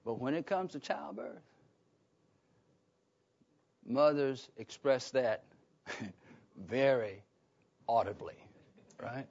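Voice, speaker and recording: A man's voice: mid-range voice, lively intonation, extremely slow, gravelly, long pauses, darkish tone, husky. A man preaching a sermon, emphatic and conversational, often asking the listeners questions. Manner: emphatic, asks the congregation questions. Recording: dull lo-fi recording.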